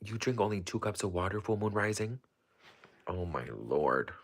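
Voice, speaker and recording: A man's voice: on the low side, animated, normal speed. A man hosting a casual livestream, rambling through viewer questions with lots of fillers and restarts. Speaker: livestream host. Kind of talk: casual livestream chat, answering viewer comments.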